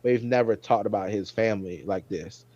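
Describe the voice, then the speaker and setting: A man hosting a casual review chat, rambling and getting animated when he recalls his own reactions. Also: fairly low pitch, a little fast, no echo, lo-fi sound. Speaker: podcast host.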